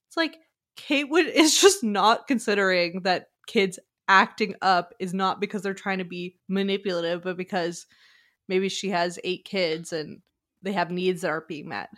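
A woman co-hosting a casual podcast, recapping a reality show in an animated, storytelling way and acting out quotes. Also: medium pitch, a little slow. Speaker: podcast co-host.

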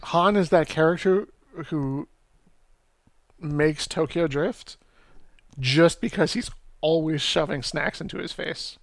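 A man's voice: on the high side, takes it slowly, creaky, pauses often, dry recording, clean studio sound. A man chatting casually, dropping short wry comments. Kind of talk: casual chat.

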